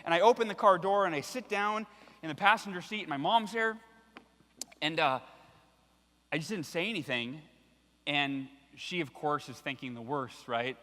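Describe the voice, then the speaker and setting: A man in his thirties giving a storytelling keynote speech, animated and acting out the voices in his anecdotes. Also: a little high, normal speed, long pauses. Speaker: keynote speaker. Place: large hall with a live audience. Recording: long hall reverb from the stage.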